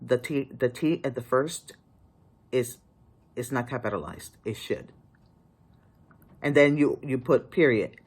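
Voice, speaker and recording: An author giving casual writing advice to the camera, emphatic and pleading, often restarting sentences. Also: medium pitch.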